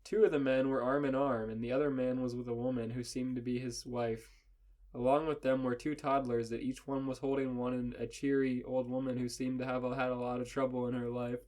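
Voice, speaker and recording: A podcast host reads fan fiction aloud in a middle-pitched voice. The reading keeps breaking into laughter and banter. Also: little pitch movement, fairly quick, a little mellow. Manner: laughs often while reading. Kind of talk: comic read-aloud with banter.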